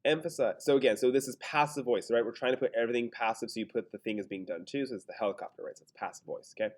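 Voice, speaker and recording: A man's voice: medium pitch, racing, darkish tone. Casual man thinking aloud through a lesson. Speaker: teacher. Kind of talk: screen-recorded grammar lesson.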